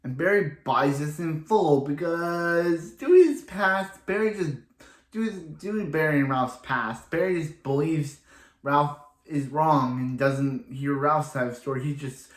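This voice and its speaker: A man's voice: a little high, a little slow. A man giving a casual, rambling recap of a TV episode, stringing events together with lots of repeated "so he's like" fillers. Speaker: TV show reviewer. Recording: echoey room.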